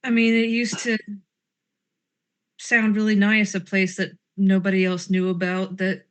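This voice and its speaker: A woman's voice: medium pitch, little pitch movement, measured pace, fairly bright tone. A woman playing a tabletop game, talking in character in a grumbling, sarcastic, rambling way. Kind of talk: in-character role-play chat.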